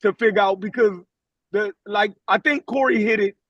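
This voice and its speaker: A man's voice: high voice, normal speed, no room sound, highs cut off. A man co-hosting a podcast, arguing his point in slangy, casual chat and asking "you dig" a lot. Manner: slangy, repeats "you dig what I'm saying". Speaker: podcast co-host. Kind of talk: heated casual debate.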